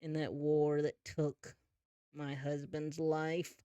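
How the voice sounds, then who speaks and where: A man's voice: on the high side, flat delivery, slow, dark tone, smooth, no room sound. A defiant, grieving widowed mother wolf, as a man plays her in a tabletop role-play. She speaks with proud scorn in a raised voice. The sound is dry and close.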